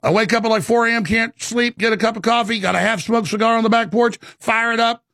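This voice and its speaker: A man's voice: very high-pitched, steady tone, fast talker, vocal fry, a bit bright, no room sound, studio quality. A man hosting a talk show, delivering an impassioned, rambling monologue with emphatic stresses and many stammered restarts.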